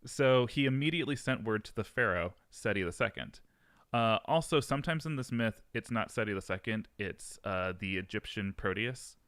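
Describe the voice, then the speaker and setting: Smooth-voiced man retelling a myth. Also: lowish voice, animated, normal speed, fairly bright tone, no room sound. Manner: chatty, hesitant, full of fillers and laughs. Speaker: podcast co-host and myth storyteller. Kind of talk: casual comedic storytelling.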